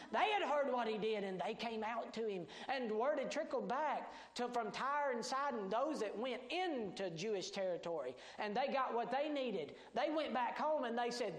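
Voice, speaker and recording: Emphatic preacher in an echoing room. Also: male voice, extremely high pitch. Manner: emphatic, swinging between shouts and hushed tones; folksy, plain-spoken. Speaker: pastor. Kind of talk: sermon.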